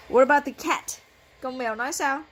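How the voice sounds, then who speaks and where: A woman's voice: high voice, very noisy. A woman whose first language is Vietnamese, a mother playing a bedtime game with her toddler, coaxing, playful and laughing often as she switches between two languages at home.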